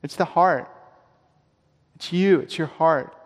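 A man preaching a sermon with emphatic delivery, repeating his key lines slowly for weight. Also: on the high side. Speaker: pastor. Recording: long reverb of a large hall.

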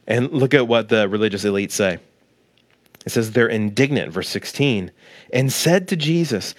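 Animated pastor preaching, dry close sound. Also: male voice, moderate pace, dry recording. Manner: animated, acts out quoted voices with big pitch jumps; direct address to listeners at home. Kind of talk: sermon.

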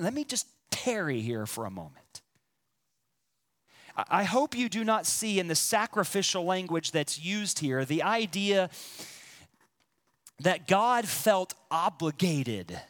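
A male pastor preaches in a slow, deliberate way. His voice sits high for a man and swings widely in pitch. He puts questions straight to his listeners and lands his points with strong emphasis. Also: sing-song, fairly bright tone. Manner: emphatic preaching with dramatic pauses, addresses listeners directly. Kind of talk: sermon.

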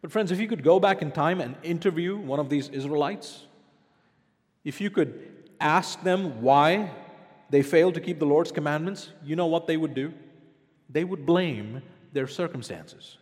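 A man's voice: fairly high pitch, moderate pace, a little mellow, long reverb tail. A man preaching a sermon as pastor, asking the congregation rhetorical questions.

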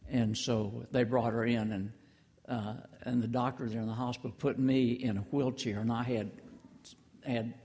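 Older pastor, mid-pitched, homespun and stumbling, with a long church-hall reverb. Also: male voice, flat delivery, darkish tone. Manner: folksy, halting, many restarts and asides to the congregation. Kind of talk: sermon. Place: church sanctuary.

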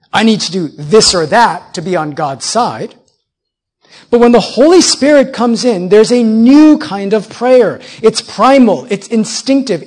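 In a high-pitched voice, a thirtysomething pastor preaches to his congregation, stacking up repeated phrases and asking them rhetorical questions.

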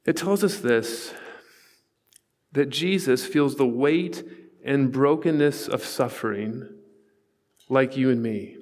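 A man's voice: medium pitch, takes it slowly, pauses often, a little mellow, in a large hall. A man in his forties preaching a sermon, telling stories in an earnest, conversational way with asides to the congregation. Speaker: pastor. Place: church sanctuary.

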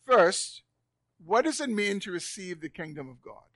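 A high-pitched man preaches a sermon to his congregation, dropping to near-whispers and then rising loud again. He repeats phrases for emphasis. The recording is close and dry. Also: big pitch swings, moderate pace, no room sound. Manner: preaching with strong swings in loudness, repeating words for emphasis. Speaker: pastor. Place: church sanctuary, live congregation.

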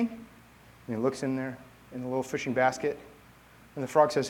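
A man's voice: mid-range voice, level tone, a little fast, pauses often. Man preaching conversationally. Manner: conversational storytelling. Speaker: pastor. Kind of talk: sermon.

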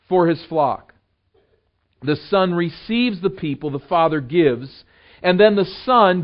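A man preaching a sermon as a pastor, building emphasis on scripture and dropping low and soft for earnest appeals. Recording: dull lo-fi sound.

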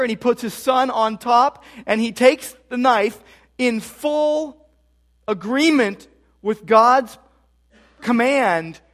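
Male pastor with a notably high voice, preaching with emphatic repetition. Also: a bit bright. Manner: emphatic, repeats key phrases for stress. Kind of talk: expository sermon.

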